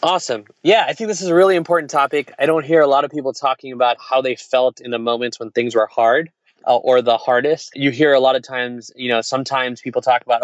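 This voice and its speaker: Fast-talking frank male entrepreneur. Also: medium pitch, no room sound, dull audio. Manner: frank, animated, acts out quoted voices. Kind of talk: candid conversational storytelling.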